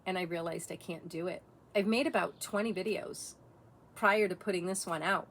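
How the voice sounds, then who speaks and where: A woman's voice: lowish voice, fairly even intonation, moderate pace, slight background noise. A middle-aged woman vlogger talking in a blunt, profane, impassioned monologue rant.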